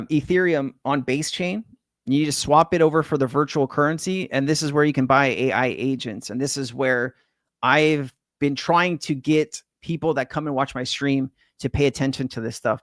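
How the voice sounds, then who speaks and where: Living in Hawaii but from California, this middle-aged man hosts a casual crypto livestream, reading viewers' comments and chatting in a relaxed, slangy, swearing style with plenty of "man" and "bro." He speaks at a medium pitch and moderate pace, with studio-quality audio and no echo.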